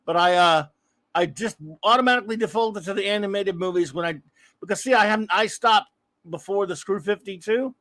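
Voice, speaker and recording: A man hosts a laid-back comics livestream, rambling and poking fun at himself as he keeps restarting his sentences. His voice is high-pitched and fairly bright, and he talks fairly quickly in a casual chat.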